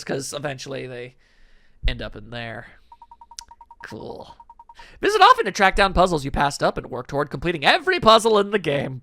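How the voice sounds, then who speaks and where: A man's voice: fairly high pitch, creaky, pushed and bright, no room sound. Joking man narrating a puzzle game. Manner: joking, crude, thinks aloud. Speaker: let's play streamer. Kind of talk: casual gameplay commentary. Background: faint game music.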